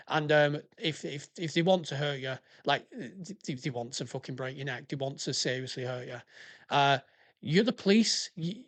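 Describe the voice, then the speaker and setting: A man hosting a podcast, ranting in a blunt, sweary way. He is a former police officer reacting to listener stories in heated, casual commentary. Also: on the high side.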